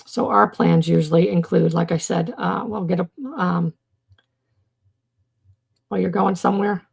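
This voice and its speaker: Woman, live stream host, gravelly voice, lowish pitch, rambling casual chat, lots of fillers and restarts. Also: steady tone, a little slow, a little mellow. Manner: chats with viewers in the comments.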